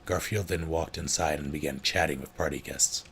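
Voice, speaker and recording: A male streamer reading a comic story aloud, deadpan, correcting his own slips. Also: very deep voice, normal speed, gravelly, slight background noise.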